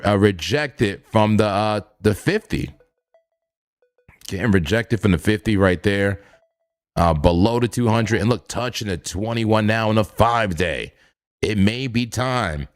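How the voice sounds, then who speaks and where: Chill guy with a lowish voice rambling through trading charts live, laughs a lot, says stuff twice. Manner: laid-back, chuckling, repeats phrases. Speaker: crypto trading streamer. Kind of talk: casual live chart commentary.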